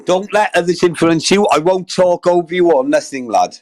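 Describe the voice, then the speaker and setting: A man's voice: a little high, a little fast, a little mellow. A man hosting a casual livestream, talking straight to his chat in a sweary, effusive, rambling way. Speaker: livestream host.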